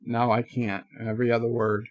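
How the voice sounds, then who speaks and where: A man's voice: mid-range voice, flat delivery, brisk, no echo, highs cut off. A man hosting a casual livestream, rambling and joking while reading chat messages aloud. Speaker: livestream host.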